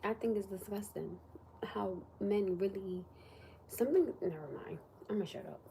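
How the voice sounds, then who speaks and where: Woman ranting on a live stream, soft warm voice, bit of hiss behind. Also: medium pitch, normal speed, vocal fry. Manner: animated, drops to whispers for emphasis. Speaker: livestream host. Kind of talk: casual livestream chat.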